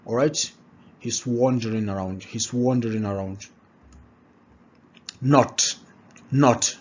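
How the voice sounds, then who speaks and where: A man's voice: mid-range voice, darkish tone, lo-fi sound, slight background noise. A man who speaks English as a second language, teaching pronunciation and repeating each word several times with checks like "all right?". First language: not English. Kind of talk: pronunciation lesson, drilling words aloud.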